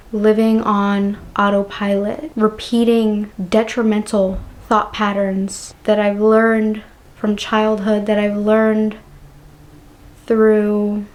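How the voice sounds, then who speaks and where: A woman speaks to her vlogging camera in an unhurried, fairly flat voice, reflecting out loud without a script. She sounds earnest and emotional, close to tears, and leaves searching pauses between thoughts. The sound comes from the on-camera mic of a compact camera. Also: medium pitch. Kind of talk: unscripted personal reflection to camera.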